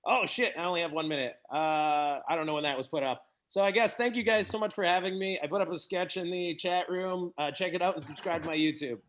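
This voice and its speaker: A young man from Canada doing a stand-up set at an online open mic, animated and laughing at his own jokes. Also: a little high, a little fast, few pauses. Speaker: stand-up comedian.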